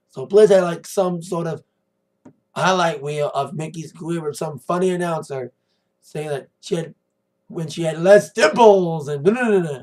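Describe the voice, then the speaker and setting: A man's voice: sits high, normal speed, long pauses, a little mellow. A man giving a rambling, chatty recap of a wrestling show in a casual monologue, correcting himself as he goes.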